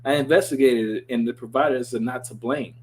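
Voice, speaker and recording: A man's voice: medium pitch, steady tone, brisk, a little hiss or hum, close to an everyday voice. A man reading the lines of a corny, middle-aged male scientist dad in a hammy, earnest way.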